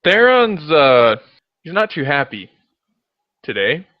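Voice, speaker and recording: Man, tabletop player, unhurried, self-mocking, dull lo-fi recording. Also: fairly high pitch, sing-song. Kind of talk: casual tabletop play.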